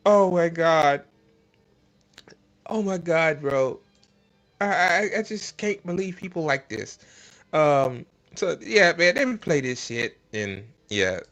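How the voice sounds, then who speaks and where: Animated, exasperated man ranting casually. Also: fairly high pitch, slow pace, soft background music. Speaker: host. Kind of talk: casual political commentary stream.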